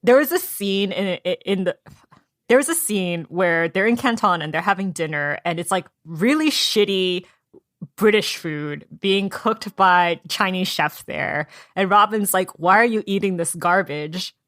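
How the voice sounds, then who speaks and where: A woman's voice: mid-range voice, measured pace, no echo, studio quality. A woman co-hosting a podcast, chatting casually about a novel and acting out characters' lines. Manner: animated, acts out characters' lines in quotes. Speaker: podcast co-host. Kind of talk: casual book club chat.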